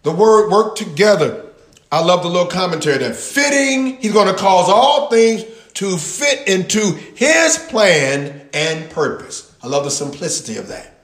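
Emphatic pastor teaching slowly in an echoey room. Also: male voice, high voice, sing-song, a bit bright. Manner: emphatic, repeats key words slowly with long pauses; talks with the audience, answers their replies. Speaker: pastor teaching a Bible study. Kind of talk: sermon-style Bible teaching.

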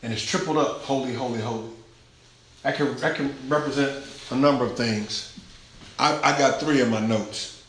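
A man preaching a sermon in a rhythmic, repetitive cadence, swinging from shouted exclamations to hushed near-whispers. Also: medium pitch, moderate pace, slight background noise. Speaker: pastor. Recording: echoey room.

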